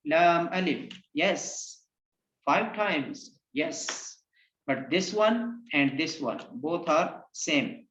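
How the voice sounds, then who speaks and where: Male Quran tutor, slow, patient drill style; lo-fi echoey recording. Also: on the high side, animated, a bit bright. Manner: patient, repeats letter names for the learner to echo. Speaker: Quran reading teacher. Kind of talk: slow recorded lesson with call-and-repeat drills. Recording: roomy, dull lo-fi sound.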